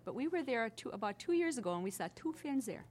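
A slightly high-voiced older woman from the Minnesota Iron Range talks fast as she tells stories in a casual oral-history interview. She's chatty and animated, with frequent restarts in her anecdotes.

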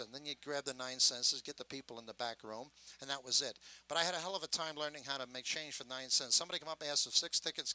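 An older man telling stories in a gruff, rambling, wisecracking way about his years as a sideshow showman. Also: medium pitch, quick pace, pushed and bright, low-quality recording. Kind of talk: casual storytelling.

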